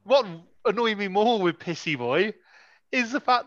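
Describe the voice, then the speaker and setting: A man co-hosting a podcast runs through a film with a bright, forceful, slightly high voice, sarcastic and energetic. The audio is dry and a little dull. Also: no room sound. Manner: sarcastic, energetic, quick to laugh. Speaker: podcast co-host. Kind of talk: casual film review chat.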